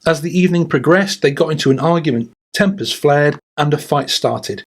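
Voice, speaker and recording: A man narrates a scripted documentary for his channel in a fairly high voice. His delivery is measured and wry. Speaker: YouTube host.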